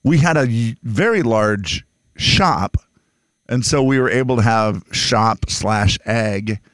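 A man's voice: fairly low pitch, slow, fairly bright tone, dry recording. A man co-hosting a radio show, telling stories in casual banter.

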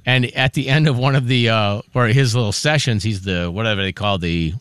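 A man's voice: on the low side, brisk, fairly bright tone, smooth, no room sound, studio quality. A man co-hosting a casual morning radio show, chatting and joking through entertainment news. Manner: chatty, jokey storytelling. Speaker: radio co-host. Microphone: studio mic.

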